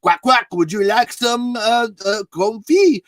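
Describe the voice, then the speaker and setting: A man's voice: very high-pitched, animated, a little slow, fairly bright tone, dry recording, clean studio sound, far from the mic, faint music behind, voice pushed up, heavily acted. A man voicing a fussy male duck waiter, speaking in a stammering, overly polite mock French-Russian accent. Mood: courteous.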